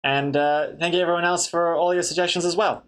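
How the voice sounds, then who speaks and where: A man's voice: fairly high pitch, steady tone, a little fast, a bit bright. A man chatting casually on a live stream, reading viewer messages aloud and joking with the chat. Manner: chatty, reads chat aloud, laughs at jokes. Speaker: comic artist streamer.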